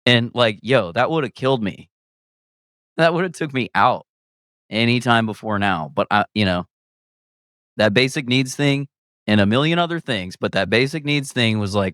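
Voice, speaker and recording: His voice is medium-pitched, clear and resonant, at normal speed, on a dry studio-quality recording. The man is a guest comedian in a candid, casual conversation who reflects and rambles, keeps restarting sentences, laughs often and quotes himself with energy.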